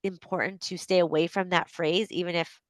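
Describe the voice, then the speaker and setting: A woman with a Canadian accent hosting a solo advice podcast, talking conversationally with frequent fillers and a gentle, reflective manner. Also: on the low side, fairly even intonation, brisk, dry recording. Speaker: podcast host and coach.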